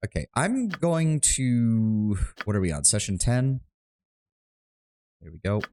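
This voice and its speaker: A man's voice: fairly low pitch, sing-song, slow pace, a little mellow, slight background noise. A man streaming live gameplay, talking casually, muttering his plans and swearing when frustrated.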